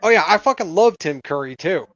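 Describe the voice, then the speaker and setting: A man's voice: high-pitched, lively intonation, brisk, fairly bright tone, no room sound, muffled recording. A man co-hosting a podcast in casual chat, blunt, profane and rambling. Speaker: podcast co-host.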